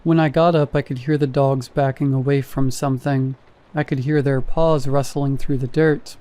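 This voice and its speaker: Male horror narrator, steady first-person storytelling, warm dark tone. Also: mid-range voice, moderate pace.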